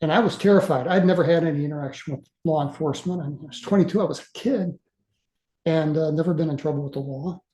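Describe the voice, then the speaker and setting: A man in his sixties tells his story as a guest speaker, earnest and halting, with frequent uhs and restarts. His voice is mellow and dark. It was recorded with a roomy echo around it. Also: fairly high pitch, slight background noise. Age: 60s. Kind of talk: casual storytelling.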